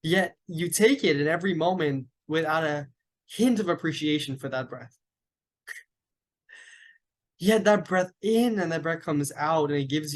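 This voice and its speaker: A man teaching Buddhist meditation, giving slow, deliberate guided instructions. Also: a little high. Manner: slow, deliberate, with long pauses.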